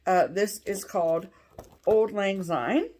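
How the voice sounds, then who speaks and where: A woman co-hosting a cross-stitch show, chatting casually and gushing with excitement over what she shows. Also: medium pitch, slow pace, slight background noise. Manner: gushing, enthusiastic. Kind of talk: casual show-and-tell chat.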